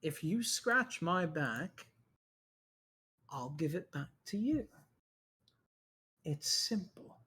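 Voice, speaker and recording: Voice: medium pitch, very animated, drawn-out words, pauses often, sharp tone, husky, heavily acted. A game master voicing a mocking, sadistic male villain who taunts the hero in a tabletop game, with a sing-song, sneering delivery. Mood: cruel. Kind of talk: tabletop role-play.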